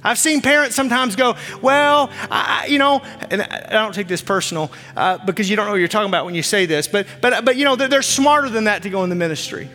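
High, bright-voiced preaching man. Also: lively intonation, fast talker, hardly any pauses. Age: 40s. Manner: impassioned preaching, repeats phrases. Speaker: pastor. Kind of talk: sermon. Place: church stage. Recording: long church reverb with faint music.

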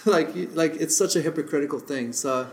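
A man's voice: fairly high pitch, a little fast. A man from South Africa, a podcast guest telling stories in casual chat, rambling and heavy on fillers, often chuckling as he talks. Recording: roomy podcast room echo.

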